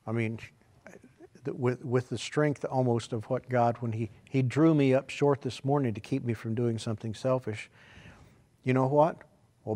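A man preaching a sermon, telling rambling folksy stories and swinging from quiet asides to loud, shouted emphasis. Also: medium pitch.

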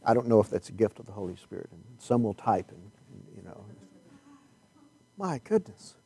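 A man preaching a sermon, reading Bible verses and stretching key words slowly for emphasis. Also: lowish voice, very animated, creaky, mellow, slightly rough.

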